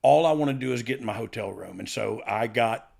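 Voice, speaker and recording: A man's voice: mid-range voice, brisk, creaky, darkish tone. A man in his fifties, a podcast host, telling rambling stories in a casual chat, laughing often and restarting his sentences. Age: 50s. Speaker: podcast host and former wrestler.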